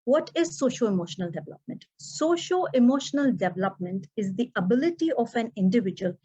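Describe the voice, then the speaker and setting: A woman delivers a prepared talk as an educator, acting out the voices she quotes. Her voice sits a little high. The recording sounds dull and muffled. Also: brisk, breathy edge. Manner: expressive, acts out quoted dialogue. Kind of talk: prepared contest speech.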